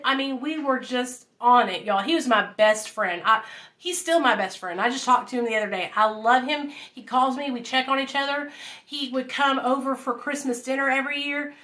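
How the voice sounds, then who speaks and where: A woman's voice: sits high, pushed and bright. A woman, casually telling her life story to viewers at home, calling them y'all. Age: 30s. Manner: chatty, addresses viewers as y'all and you guys.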